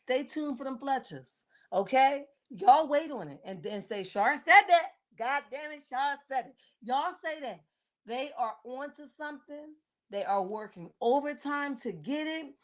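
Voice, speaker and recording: A woman's voice: high-pitched, animated, unhurried, darkish tone. A woman in her forties hosting a casual livestream. She talks bluntly and sassily, greets viewers by name and keeps checking in with "okay?". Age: 40s. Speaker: livestream host. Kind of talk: casual live-chat commentary on reality TV.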